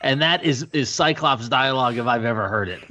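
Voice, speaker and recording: A man co-hosting a podcast, chatting casually and laughing often while he recaps a cartoon. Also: medium pitch. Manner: animated, laughs often, lists names quickly. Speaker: podcast co-host. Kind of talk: casual chat about a cartoon. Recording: dull lo-fi sound.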